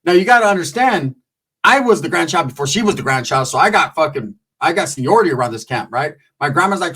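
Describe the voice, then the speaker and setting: A man telling a comic story in a casual, profane, slangy way, breaking into squeaky voices when he quotes people. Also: lively intonation, fast, bright, forceful tone, breathy edge.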